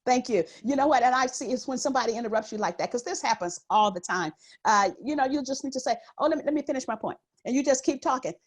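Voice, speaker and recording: High-voiced woman, animated and emphatic. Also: quick pace. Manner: animated, laughing, acts out quoted remarks; projects voice with authority. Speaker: guest author. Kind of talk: interview conversation.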